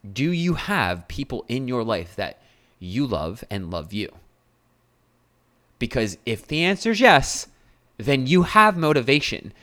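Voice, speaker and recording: A man's voice: fairly low pitch, fairly bright tone. A man hosting a solo podcast as a health coach, talking bluntly and casually with swearing and fillers.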